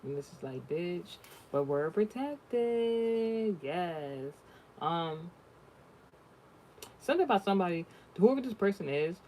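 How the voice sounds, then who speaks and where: A man's voice: medium pitch, darkish tone, a little hiss or hum. A man giving a spiritual reading in casual chat, talking bluntly and swearing freely as he tells stories. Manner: profane, blunt, storytelling. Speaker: spiritual reader.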